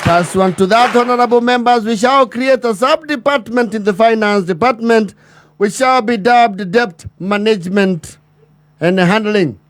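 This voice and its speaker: A man's voice: high voice, no echo. Pompous man giving a mock address. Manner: pompous, bureaucratic phrasing, drawn-out pauses. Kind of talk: mock formal speech.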